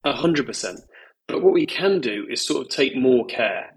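Brief: male investor guest, frank and emphatic, a little husky, loose filler-heavy talk. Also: medium pitch, animated, moderate pace, low-quality recording. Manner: candid, emphatic, peppered with "you know" and "like". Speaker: venture capital investor, guest. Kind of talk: podcast conversation.

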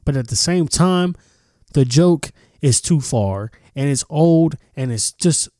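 A man giving casual, blunt reaction commentary, swearing freely and often stopping to clear his throat. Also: fairly high pitch, expressive, slow, darkish tone, no room sound, clean studio sound. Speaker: commentary vlogger.

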